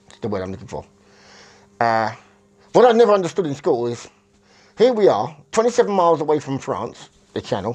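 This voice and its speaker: A man's voice: mid-range voice, a little mellow. A man from England, talking in a rambling, self-correcting monologue that searches for words. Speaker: vlogger.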